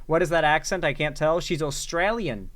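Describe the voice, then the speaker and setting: A man with a somewhat high voice, commenting on clips in a casual, sarcastic ramble. He trips over his words and leans on fillers as he goes. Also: normal speed, a bit bright. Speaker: commentary host.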